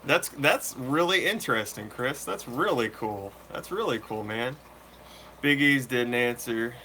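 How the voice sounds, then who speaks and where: A man hosting a fishkeeping channel, chatting casually and answering viewer questions live in a relaxed, slangy way. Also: medium pitch, measured pace, slight background noise. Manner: laid-back, slangy, chatty. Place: room full of fish tanks.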